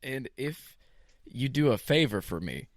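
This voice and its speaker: A young man co-hosting a podcast, telling a story in a casual, animated way. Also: medium pitch, measured pace, no echo, studio quality. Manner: storytelling, animated retelling with baseball metaphors. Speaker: podcast co-host. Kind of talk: casual chat. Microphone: podcast microphone.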